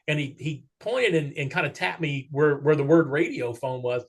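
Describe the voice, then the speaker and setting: A man's voice: on the high side, fairly quick, few pauses. A man telling workplace stories in a casual interview, acting out the dialogue as he goes. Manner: animated storyteller who acts out quoted dialogue. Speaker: guest, regional vice president of an auto parts chain.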